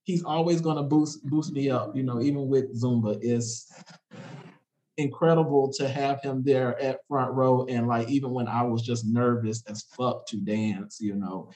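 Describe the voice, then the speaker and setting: A man sharing warm words in a relaxed conversation, halting often and laughing between phrases. His voice sits at an ordinary mid pitch. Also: rough recording. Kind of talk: casual chat among friends.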